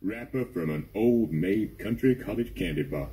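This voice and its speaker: An actor playing a wry male video game character with a dry, deadpan delivery. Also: lowish voice, moderate pace, natural voice.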